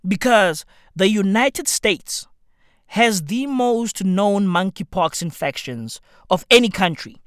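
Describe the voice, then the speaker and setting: Comedic rant, profane and slangy, lively swooping pitch, unhurried delivery. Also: clean tone, no echo, clean studio sound. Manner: profane, ranting, swings between shouting and muttering; slangy, repeats "bruv" and "hey". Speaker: comedic host.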